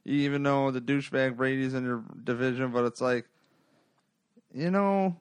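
A man's voice: mid-range voice, moderate pace, clean tone, no room sound. New guy hosting a podcast, rambling and swearing a lot, dry close sound. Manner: rambling, profane, animated storytelling. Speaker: podcast host. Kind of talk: casual sports podcast chat.

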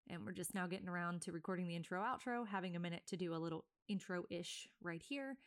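A podcast host in her thirties from Virginia, USA, opens her solo show casually, speaking fast in a fairly low voice. She chats loosely, with many fillers and self-corrections, and sounds a bit out of breath.

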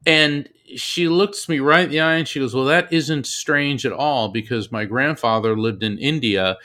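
Man, interview guest, bright tense voice, animated storyteller, repeats words. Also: mid-range voice, normal speed. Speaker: medium, guest.

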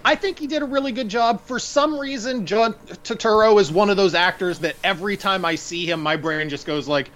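A man's voice: high-pitched, brisk, few pauses, fairly bright tone. A man co-hosting a casual film podcast, thinking aloud and rambling with fillers as he gives his opinions. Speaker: podcast co-host.

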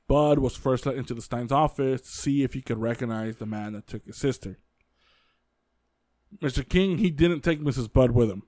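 A man hosting a casual podcast, retelling a true-crime story in a loose, filler-heavy way with quick acted quotes. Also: mid-range voice, a little mellow, no room sound, clean studio sound. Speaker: podcast host telling the case.

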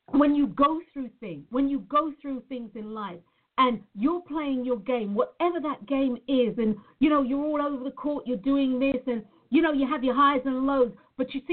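A woman from Nevada speaking earnestly and reflectively to her viewers, often repeating her phrases. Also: high voice. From Nevada, USA. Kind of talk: personal monologue to viewers. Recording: phone-like narrow sound.

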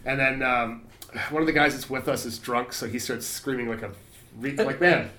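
A man's voice: medium pitch, fairly even intonation, normal speed, bright, forceful tone. A man telling a story in casual chat, swearing freely, laughing often and acting out what people said. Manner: profane, laughing, acts out quotes. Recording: echoey room, faint noise.

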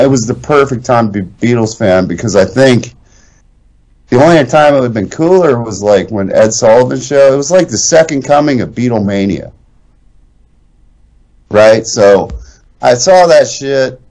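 A man's voice: medium pitch, a little mellow, poor audio. A middle-aged man co-hosting a podcast, telling a story in casual chat, profane and acting out the voices he quotes. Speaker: podcast co-host.

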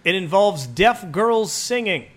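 A man's voice: sits high, expressive, takes it slowly, a bit bright. A man co-hosting a podcast, riffing crude jokes and mock announcements with plenty of swearing. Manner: joking, profane, mock-announcer riffs. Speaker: podcast co-host. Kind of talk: crude comedic banter.

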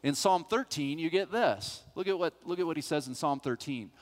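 A middle-aged male pastor telling a personal story as part of a sermon, animated and acting out the voices of the people in it. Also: on the high side, fairly quick. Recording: long hall reverb.

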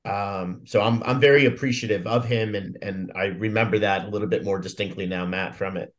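A man's voice: fairly low pitch, fairly even intonation, a little fast. A man, a Marine veteran, talking reflectively in a casual podcast conversation, with many fillers and restarts.

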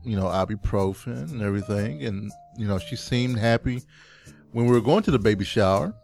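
Casting note: low-pitched man, chatty podcast co-host, lots of ums and restarts, faint music under him. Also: brisk, gravelly, a little mellow. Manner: rambling with many fillers and restarts. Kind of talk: casual chat.

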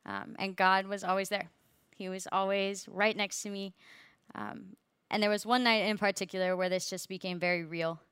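Bright, crisp young woman giving testimony. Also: medium pitch, level tone, normal speed, no echo. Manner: earnest, many fillers, laughs through hard parts. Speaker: speaker sharing a faith testimony. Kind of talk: personal testimony to a group.

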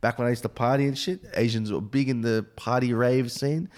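A young comedian speaks at a middle pitch and swears freely. He tells stories bluntly and with plenty of animation, slipping into quick voices for the people in them. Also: steady tone, a little mellow. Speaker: comedian guest. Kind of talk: casual podcast chat, storytelling.

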